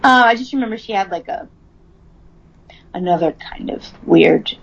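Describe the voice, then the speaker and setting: A woman's voice: mid-range voice, animated, moderate pace, gravelly. Giggly woman reading notes in a chat, voice bouncing up and down, kinda dull lo-fi sound. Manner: giggly, often laughing, stumbles while reading. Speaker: podcast co-host.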